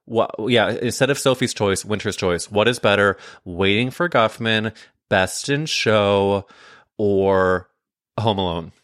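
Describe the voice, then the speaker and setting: A man hosting a podcast, chatting casually in a playful, animated way and laughing often. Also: lowish voice, slow, no echo, studio quality. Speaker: podcast host. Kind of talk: casual chat.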